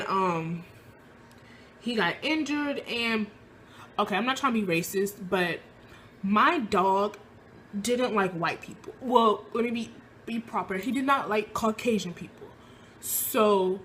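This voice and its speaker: A woman's voice: medium pitch, slight background noise. A young woman telling a personal story in casual speech, acting out what people said in a raised voice. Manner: animated, acts out quoted lines in a raised voice. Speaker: vlogger.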